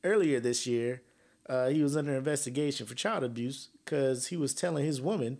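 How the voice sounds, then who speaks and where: A man's voice: mid-range voice, fairly quick, darkish tone. A man hosting a casual solo podcast, joking and trash-talking with frequent laughs. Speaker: podcast host.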